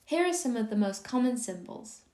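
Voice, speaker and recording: Calm woman teaching in a roomy space. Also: on the high side, normal speed. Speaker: music theory teacher. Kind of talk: scripted explanatory narration. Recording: roomy echo on the voice.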